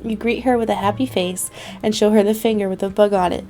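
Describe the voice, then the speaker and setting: A woman's voice: medium pitch, fairly even intonation, quick pace, dark tone, soft background music. A young woman hosting a gaming video, reading the story text aloud with playful asides. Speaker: gaming channel host. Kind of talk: let's play narration.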